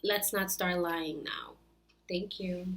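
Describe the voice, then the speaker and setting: A woman's voice: lowish voice, steady tone, takes it slowly, a bit bright. A woman in her twenties hosting a reaction video, scolding and exasperated as she rants. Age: 20s. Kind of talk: ranting reaction commentary.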